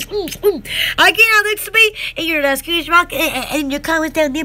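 A woman's voice: very high voice, animated, a little fast, pushed and bright. A woman hosting an online shop chat, rambling, giggling and gasping between exclamations. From Alabama.

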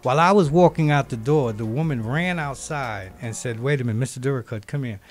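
Male guest, 50s: mid-range pitch, lively streetwise storyteller, faint music bed. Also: brisk. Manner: animated storyteller, streetwise phrasing. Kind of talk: casual talk-show conversation.

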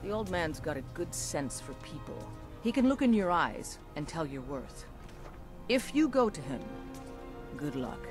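A woman's voice: low-pitched, sing-song, a little slow, music in the background. A woman voicing a proud, blunt woman warrior from an order of mercenaries, brusque and challenging with outsiders.

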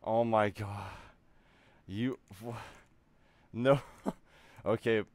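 A man streaming live, reacting in excited disbelief with lots of repeated exclamations. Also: lowish voice, very slow, no room sound. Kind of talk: casual live-stream chat.

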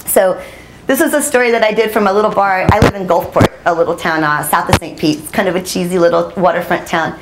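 A woman journalist telling stories at a storytelling summit, lively and laughing, acting out the voices she quotes. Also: fairly low pitch, quick pace, noisy background. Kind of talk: animated storytelling talk. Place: conference hall.

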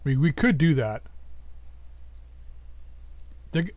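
A man's voice: on the high side, big pitch swings, fast talker, a little mellow, dry recording. Man thinking aloud over gameplay. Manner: thinking aloud, musing and planning. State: voice going hoarse. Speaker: gameplay commentator. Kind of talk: casual gameplay commentary.

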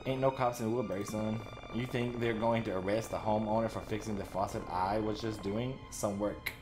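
A man voicing a gruff older male handyman landlord in a horror game, pushy and folksy, defending himself. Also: lowish voice, steady tone, normal speed, over music, natural voice. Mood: defensive.

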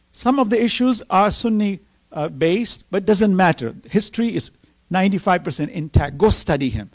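A middle-aged man telling personal stories with emotion in an earnest sermon, reciting scripture at times. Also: sits high. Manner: emotional, earnest storytelling, reciting Quranic verses. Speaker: speaker at a Ramadan program.

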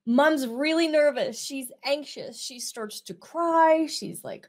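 A woman's voice: high-pitched, a little mellow. A woman business coach talking casually to camera, drawing out her words and checking that listeners follow her. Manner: unhurried, drawn-out words, asks listeners if they follow.

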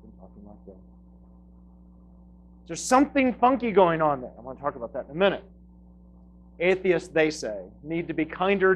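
A philosophy professor giving a talk to a live audience, with dry, wry humor and lively emphasis in his lists. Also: fairly high pitch, dull audio, a little hiss or hum. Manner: dry wry humor, laughs at own jokes.

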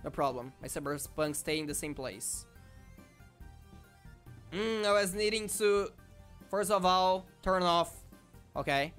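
Excitable man commenting on his game. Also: sits high, unhurried, long pauses, faint music behind. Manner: excitable, swings from muttering to shouting. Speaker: gaming YouTuber. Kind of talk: casual gameplay commentary.

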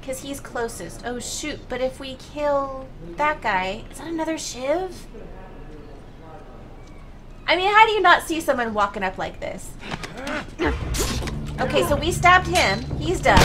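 A young woman streaming a video game live, chatting and joking, then breaking into excited shrieks and laughter when the action heats up. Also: high-pitched, measured pace, long pauses, background noise. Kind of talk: live gameplay commentary.

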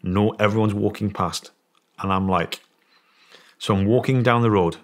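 A man's voice: on the low side, moderate pace. British man telling a story animatedly. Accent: British English. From England. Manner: animated storyteller, acts out quoted voices. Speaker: podcast guest. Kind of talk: storytelling in an interview.

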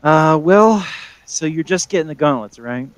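A man's voice: a little high, lively intonation, moderate pace, smooth, no echo, natural voice. A man doing a pushy shop clerk. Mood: salesy. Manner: upselling, hesitant with fillers. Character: friendly male weapon shop clerk, pushy salesman.

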